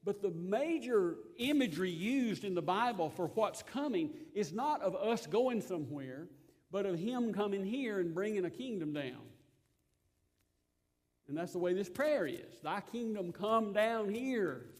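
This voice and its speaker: A man preaching a sermon in an earnest way, rising to loud emphasis and dropping to soft asides. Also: high voice, animated, unhurried. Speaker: pastor.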